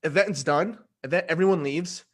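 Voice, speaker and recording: Slangy, animated young man. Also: a little high, moderate pace. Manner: slangy, animated, acts out quoted dialogue. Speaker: guest giving a testimonial. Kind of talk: casual storytelling in a conversation.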